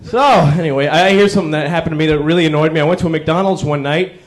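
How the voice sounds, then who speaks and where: A man doing a stand-up comedy routine, acting out quick character bits to a live crowd. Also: fairly high pitch. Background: audience laughter.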